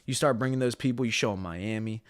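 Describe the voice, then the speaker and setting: A man's voice: fairly low pitch, quick pace, no echo. Brash swearing man, dry close sound. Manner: brash, swears freely, hypes himself up. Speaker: podcast co-host. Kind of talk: casual podcast chat.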